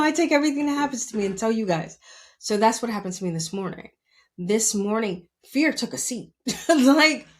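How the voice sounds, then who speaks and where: A woman hosting a podcast, talking candidly and emphatically in a motivational monologue, often checking in with her listeners. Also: medium pitch. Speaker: podcast host.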